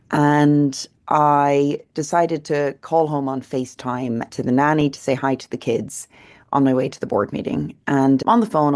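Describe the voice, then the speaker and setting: A woman's voice: rumbling low, darkish tone. An Irish woman in her thirties, a company founder answering interview questions as an earnest storyteller with many restarts. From Ireland.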